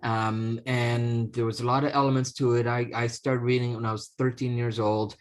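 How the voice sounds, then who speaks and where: A man co-hosting a talk show, telling a story in a casual, halting way, full of restarts, and acting out the people in it. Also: mid-range voice, flat delivery. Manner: halting, many restarts and fillers, acts out the voices in his story. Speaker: podcast co-host.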